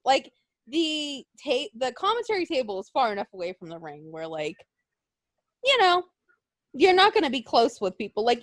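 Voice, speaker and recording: A woman's voice: on the high side, no room sound. A woman co-hosting a podcast, chatting casually and telling stories with lots of fillers. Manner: animated storytelling, acts out voices, frequent fillers. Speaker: podcast co-host. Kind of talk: casual chat recapping wrestling.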